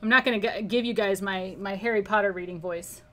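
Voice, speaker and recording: A woman's voice: medium pitch, steady tone, a little fast, pushed and bright. A woman teaching a live painting class, chatting casually and reading viewer comments aloud with frequent laughter. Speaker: art instructor. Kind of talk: live painting lesson with chat.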